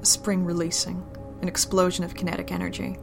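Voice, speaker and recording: A woman reading an adult romance story aloud in a low, intimate, steady manner. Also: fairly quick, vocal fry, music in the background. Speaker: narrator.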